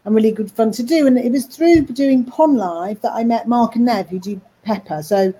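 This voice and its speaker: In a poorly recorded casual interview, an animator and voice actor talks about her work in animation and voice acting. Her voice is fairly high and mellow, her speed normal, and she rambles with frequent restarts.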